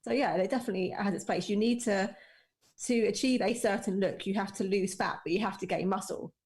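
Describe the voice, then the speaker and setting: A woman's voice: mid-range voice, a little fast, darkish tone. A woman chatting casually from home, explaining things keenly and with enthusiasm. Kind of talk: casual chat. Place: home, remote call.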